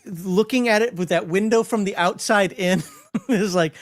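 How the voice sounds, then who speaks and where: A man's voice: high-pitched, moderate pace. A man in casual stream chat who gives his views bluntly and laughs between his points. He talks plainly and freely, with no polish.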